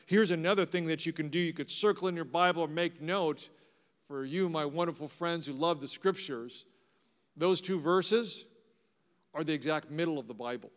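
A man's voice: a little high, normal speed. Man preaching in a reverberant church. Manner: dynamic preaching, swings between loud proclamation and hushed intimacy. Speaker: pastor. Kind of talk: sermon. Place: church sanctuary. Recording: long hall reverb.

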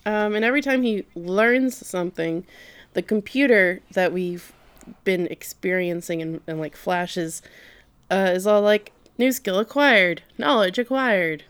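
A woman's voice: on the low side, a little slow, clear, resonant tone. A woman co-hosting a casual podcast chat, animatedly retelling an anime's plot and swearing freely. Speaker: podcast co-host.

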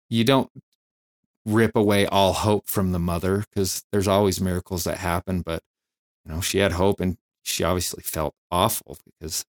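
Low-voiced man telling stories. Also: smooth, dry recording, clean studio sound. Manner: reflective, halting, many fillers. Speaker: firefighter and flight nurse guest. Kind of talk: candid storytelling interview.

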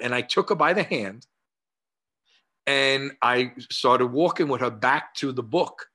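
A man in his sixties with a New York accent, speaking as a guest over a video call. His voice is bright and forceful. He tells stories with animation, acting out each side of a conversation between frequent "uh" fillers. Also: medium pitch, measured pace. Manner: animated, acts out dialogue, many "uh" fillers. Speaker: guest, martial arts historian. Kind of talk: conversational storytelling.

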